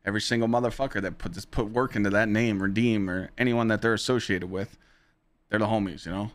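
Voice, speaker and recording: A man hosting his own podcast, telling stories casually to a live chat in an animated, profane way, his pitch jumping high when he relives exciting moments. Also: fast talker. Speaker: podcast host and streamer.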